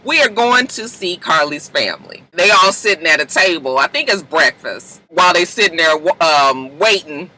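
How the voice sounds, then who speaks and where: Animated, slangy woman recapping reality TV. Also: lowish voice, normal speed, few pauses, low-quality recording. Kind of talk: casual episode recap.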